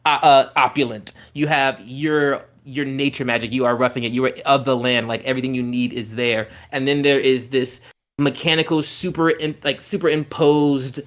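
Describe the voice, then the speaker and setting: A man's voice: medium pitch, steady tone, moderate pace. A man running a tabletop game as game master, painting scenes in loose, rambling narration full of "like" and "um".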